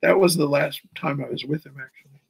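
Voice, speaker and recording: A man's voice: fairly high pitch, a little fast, vocal fry, slightly rough, no room sound, poor audio. A man in his sixties, a guest in a casual interview, telling long stories in a rambling way and repeating words as he goes. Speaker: comic artist guest.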